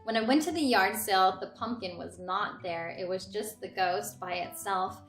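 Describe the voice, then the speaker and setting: A young woman hosting a casual vlog, gushing with excitement as she shows off her finds. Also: medium pitch, moderate pace. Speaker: host showing a thrift haul. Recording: echoey room, faint music.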